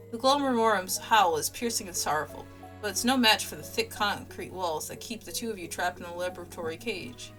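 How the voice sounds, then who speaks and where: A woman streamer narrating a game and reacting in a loud, playful way. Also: medium pitch, very animated, a little fast, soft background music, rough recording.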